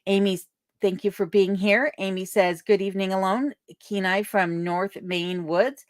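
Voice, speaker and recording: A woman's voice: mid-range voice, fairly even intonation, normal speed, no room sound, clean studio sound. A woman from Alaska hosting a casual livestream, reading viewer comments aloud and thanking people one by one. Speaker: livestream host reading chat. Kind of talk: casual live chat. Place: remote home in Alaska.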